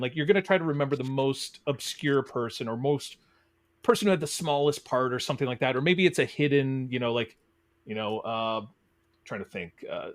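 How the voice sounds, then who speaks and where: A man hosts a podcast in a chatty, casual way and walks the guests through the rules of a game. His pitch rises and falls a lot as he talks. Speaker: podcast host. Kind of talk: casual chat, hosting a game.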